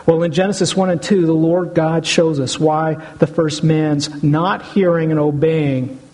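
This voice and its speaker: A man's voice: fairly high pitch, steady tone, measured pace, darkish tone, poor audio. A middle-aged man, a pastor, preaching an earnest sermon and often addressing the congregation as brothers and sisters.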